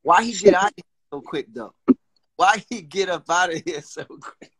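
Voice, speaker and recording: Brief: excitable host on a call, high pitched, emphatic, quick to laugh. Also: male voice, husky. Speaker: panel host, former battle rapper. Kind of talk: casual chat on a call. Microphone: remote call mic.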